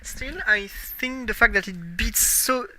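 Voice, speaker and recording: Bright-voiced French-accented young streamer. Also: male voice, high voice, slow pace. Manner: musing aloud while playing, self-correcting. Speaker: game streamer. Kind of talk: casual live-stream commentary.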